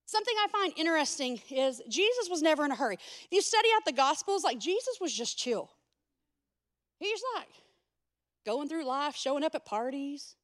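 High-voiced woman pastor preaching. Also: sing-song, moderate pace. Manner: casual, conversational preaching with humorous asides; addresses the congregation directly. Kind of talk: sermon.

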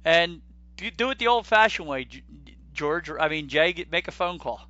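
Man, podcast host, bright voice, chatty, stumbles over words, dry sound. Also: on the high side, lively intonation, normal speed, dry recording, muffled recording. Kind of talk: casual podcast chat.

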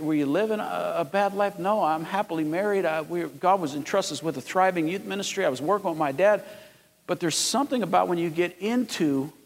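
A man in his fifties preaching a sermon as pastor, telling stories and rising to loud, emphatic peaks. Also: on the high side, creaky. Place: large church sanctuary. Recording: long hall reverb.

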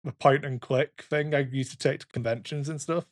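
A man in his thirties hosts a casual podcast chat. His voice sits mid-pitch and sounds dry and close to the mic. He tells stories in an animated way, swears a lot, and acts out the voices of the people in them. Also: moderate pace, no room sound. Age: 30s. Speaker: podcast host.

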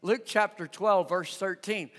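A male pastor preaching a sermon in an animated, conversational way, often asking the congregation questions. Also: high voice, a little slow, big-room sound. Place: church sanctuary.

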